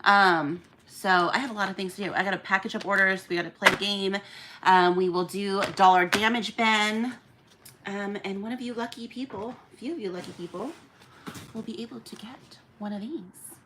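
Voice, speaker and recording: A woman's voice: medium pitch, fairly even intonation, normal speed, noisy background. A woman hosting a live online auction, chatting casually with viewers and laughing often. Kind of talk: casual live-stream chat.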